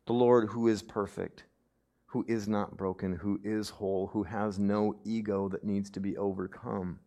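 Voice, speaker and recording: A young adult male pastor preaching a sermon, swinging from emphatic outbursts to hushed, near-whispered passages, with conversational asides. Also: fairly low pitch, level tone, moderate pace. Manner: conversational, with frequent "right?" asides.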